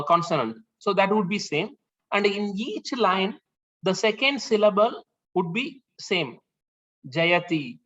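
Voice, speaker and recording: High-voiced man explaining scripture, halting. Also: a bit bright. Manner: halting, many fillers and restarts. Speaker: class leader. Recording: dull lo-fi sound.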